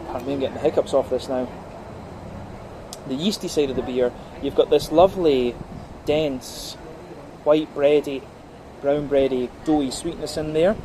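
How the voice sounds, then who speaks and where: A man's voice: mid-range voice, moderate pace. Man reviewing beer over background hum. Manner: methodical, talks through flavours layer by layer with many fillers. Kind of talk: casual tasting review. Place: on a brewery visit.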